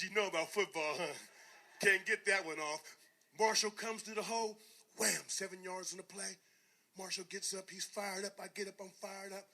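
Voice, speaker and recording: Motivational speaker, man, bright and high-pitched; animated storytelling that drops low and then bursts out loud. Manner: animated, swings from quiet to shouting. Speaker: motivational speaker, former football player. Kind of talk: storytelling speech to a live audience.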